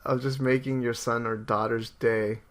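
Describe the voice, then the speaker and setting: A man's voice: medium pitch, flat delivery, normal speed. A young adult man co-hosting a podcast, chatting casually, upbeat and teasing, laughing often. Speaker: podcast co-host. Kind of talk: casual chat.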